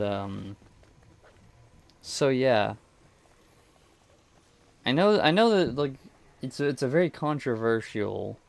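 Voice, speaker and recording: A man's medium-pitched voice, gravelly yet a little mellow, comes through with a clean tone and no echo. He's a gaming video creator chatting casually while he plays, rambling, hesitant and often restarting his sentences.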